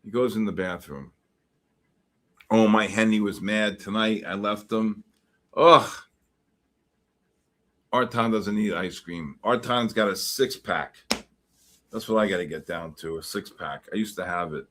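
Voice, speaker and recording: Brief: middle-aged man, livestream host, casual, animated, mock-exasperated banter. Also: fairly low pitch, unhurried, long pauses. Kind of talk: casual chat reading live comments.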